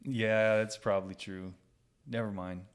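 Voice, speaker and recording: A man's voice: fairly low pitch, steady tone, a little slow, clear, resonant tone. A man co-hosting a casual reaction chat, laughing often and reading posts aloud. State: sleep-deprived. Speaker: co-host.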